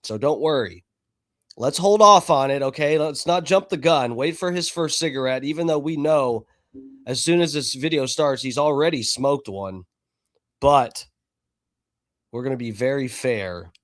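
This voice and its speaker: A livestream host speaks at a medium pitch with a fairly bright tone, keeping a measured pace. His talk is chatty and profane, aimed at the viewers in his chat.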